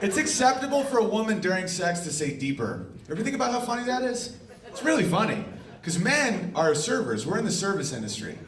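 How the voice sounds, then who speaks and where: Onstage at a comedy club, a brash middle-aged man works through a crude stand-up routine, playing out quoted back-and-forths as the crowd laughs in the background. His voice sits high and moves quickly in a sing-song way, recorded distantly with roomy live sound.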